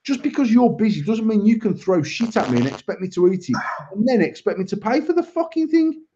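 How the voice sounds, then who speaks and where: A man's voice: sits high, big pitch swings, fairly quick, dark tone, a little hiss or hum. A man, hosting a live chat show and telling a worked-up, sweary rant. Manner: ranting, heavy swearing, worked-up. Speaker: podcast host. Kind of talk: casual live-stream chat, storytelling. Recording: slightly muffled lo-fi stream audio.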